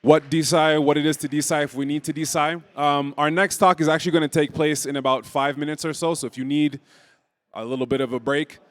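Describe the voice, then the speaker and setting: A man emceeing a conference session, with a slightly high voice and an upbeat announcing manner. He speaks to the whole room and keeps the event on schedule. The tone is friendly and clear. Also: fairly even intonation, a little fast. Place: conference hall.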